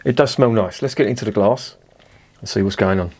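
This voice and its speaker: A man with a somewhat low voice talks through a beer review in an easy, chatty way. He is blunt and swears casually. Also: brisk, darkish tone, breathy edge.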